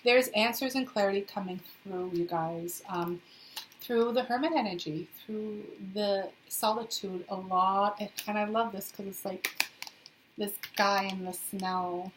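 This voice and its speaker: A woman's voice: mid-range voice, steady tone, a little slow, background noise. A young woman giving a casual tarot reading to her viewers, chatty and sassy, with playful asides. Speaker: tarot reader. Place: indoors in a hot, humid city flat.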